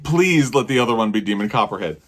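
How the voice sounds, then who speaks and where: A young man, a book vlogger, reacting live to an announcement, nervous and excitable, talking in breathless bursts. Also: on the low side, quick pace.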